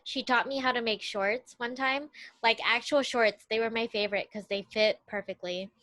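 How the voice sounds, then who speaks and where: A woman co-hosting a podcast, telling stories in expressive casual chat. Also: on the high side, normal speed, dry recording. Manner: expressive storytelling, rises sharply when excited. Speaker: podcast co-host.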